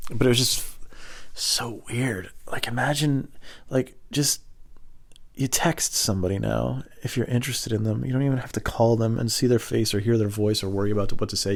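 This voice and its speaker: A man telling rambling comic stories in a casual monologue, often slipping into high voices for the people in them. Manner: rambling, acts out high-voiced phone characters.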